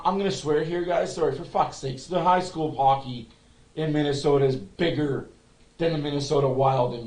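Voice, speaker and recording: A man hosting a fan livestream, giving excitable casual commentary and chat, often repeating himself and swearing. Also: mid-range voice, echoey room, low-quality recording.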